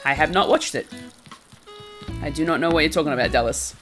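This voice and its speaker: A woman's voice: sits low, fairly quick, a bit bright. A woman chatting casually and giggling often while live-streaming a game and answering her chat. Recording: faint game music behind.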